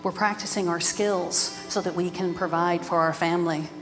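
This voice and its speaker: A woman storyteller slips into a band of young boys, eager and quick to bicker with one another. Her voice rings with a long hall reverb while music plays clearly underneath. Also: on the low side, fairly even intonation, natural voice. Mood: helpful. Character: young boys and quarreling brothers, eager and squabbling.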